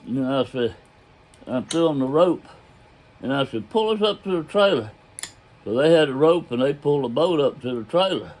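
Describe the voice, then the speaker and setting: A man's voice: mid-range voice, normal speed, a little mellow. An older man telling a story about his own past in a casual, folksy way. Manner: folksy drawl, loose grammar, chuckles as he tells it.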